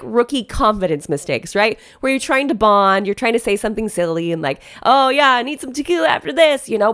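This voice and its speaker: A woman wedding planner giving chatty, emphatic reaction commentary for an online video. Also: medium pitch. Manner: emphatic, animated, chatty with frequent laughs.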